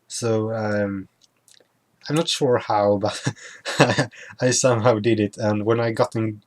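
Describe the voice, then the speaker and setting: Slow, halting young man recapping a trip. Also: fairly low pitch, fairly even intonation. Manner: halting, full of restarts and self-corrections. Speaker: vlogger. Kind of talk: casual travel recap over photos.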